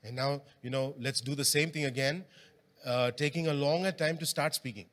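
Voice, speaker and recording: A mid-range male voice, fairly bright and at normal speed, preaches casually in a church hall. He engages the congregation by quizzing them, and the recording has a long hall reverb.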